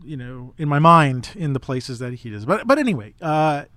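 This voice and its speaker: A man's voice: on the high side, very animated, normal speed, bright, forceful tone, dry recording. A man hosting a podcast, talking casually about a photo book, musing and rambling with restarts. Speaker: podcast host.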